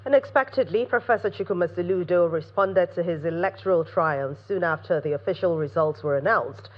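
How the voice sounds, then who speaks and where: A man with a Nigerian accent reading a scripted TV news report in a measured, formal way. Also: sits high, a little hiss or hum. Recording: dull broadcast audio with music bed.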